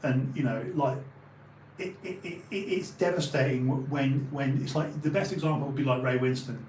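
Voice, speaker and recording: A man in his forties with an Essex and London accent, hosting and telling a long anecdote in casual chat, animated, swearing freely and acting out the people in his story. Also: medium pitch, normal speed, roomy sound, slight background noise, low-quality recording. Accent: Essex and London English. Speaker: podcast host.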